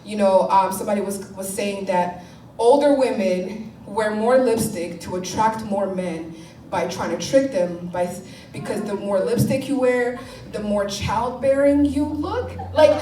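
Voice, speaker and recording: A fairly high-voiced woman doing stand-up, laughing through her lines and swearing as she mocks the people she quotes. Her voice is picked up from a distance in a roomy space, with faint ambience behind her. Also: a little hiss or hum. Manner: animated, laughing often, swearing, mock-quoting people. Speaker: stand-up comedian. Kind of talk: stand-up comedy set.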